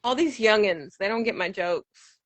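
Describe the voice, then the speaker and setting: A woman's voice: medium pitch, normal speed, no echo. Chatty woman hosting a podcast. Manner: chatty, says "like" a lot, playful. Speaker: podcast host. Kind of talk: casual podcast chat.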